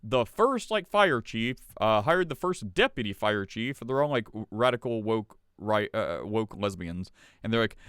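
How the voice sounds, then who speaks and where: A man's voice: on the low side, animated, a little slow, fairly bright tone, clear, resonant tone, dry recording, studio quality. A man hosting a podcast in casual chat, sarcastic and laughing often as he reads stories aloud. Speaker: podcast host.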